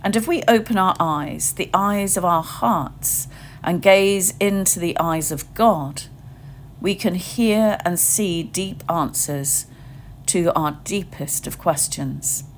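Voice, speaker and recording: A woman giving a reflective sermon, leading listeners through a gentle guided imagining in short, meditative phrases. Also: on the low side, takes it slowly, slight background noise. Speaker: preacher.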